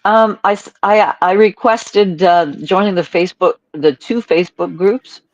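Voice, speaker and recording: A slightly high-voiced man, hesitant and stumbling over his words as he is coached. His voice comes through a dull, lo-fi line. The sound is dry, with no room at all. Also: a little slow, no room sound. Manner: hesitant, restarts often. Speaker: caller seeking coaching. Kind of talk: coaching conversation.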